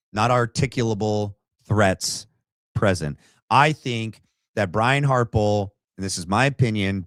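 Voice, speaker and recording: A man's voice: fairly low pitch, dry recording, studio quality. A man hosting a livestream, giving opinionated commentary in a conversational way and reading out viewer chat. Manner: opinionated and conversational, thinks aloud. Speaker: podcast host.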